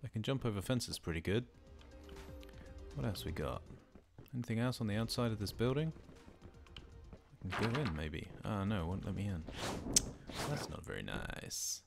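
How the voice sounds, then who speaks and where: This let's play host, a middle-aged man, swears and cracks jokes to himself during casual commentary on his game. He speaks at a normal speed in a lowish, gravelly, sing-song voice, leaving long pauses, while game music plays.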